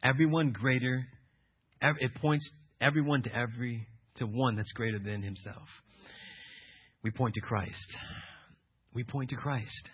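A man preaching a sermon as pastor, swinging from loud emphatic declarations to low, intense asides. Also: husky. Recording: muffled lo-fi sermon recording.

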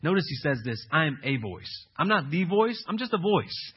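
A man's voice: very animated, moderate pace, few pauses, slightly rough. Emphatic preacher man, muffled recording. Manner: emphatic, swings from loud declarations to low intense asides. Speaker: pastor. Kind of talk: sermon.

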